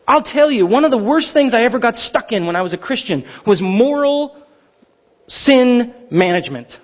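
A man preaching a sermon, animated and storytelling, sometimes acting out characters. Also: extremely high pitch, moderate pace. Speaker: pastor. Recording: dull sound in a reverberant hall.

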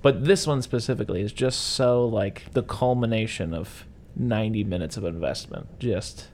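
A man with a fairly low voice talks through a favorite film in a relaxed chat. He gets enthusiastic and jumps into little impressions of the characters as he retells scenes. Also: moderate pace, a little hiss or hum. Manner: enthusiastic, acts out quotes in voices. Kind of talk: casual movie discussion.

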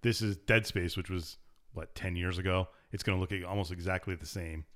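A man's voice: sits low, steady tone, brisk, fairly bright tone. A man co-hosting a casual podcast, chiming in with dry, sarcastic quips. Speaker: podcast co-host.

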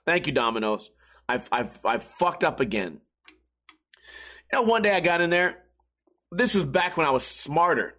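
A man's voice: fairly high pitch, big pitch swings, normal speed, pauses often, pushed and bright. A young man, a live streamer, talking in a rambling, profane, self-mocking casual monologue.

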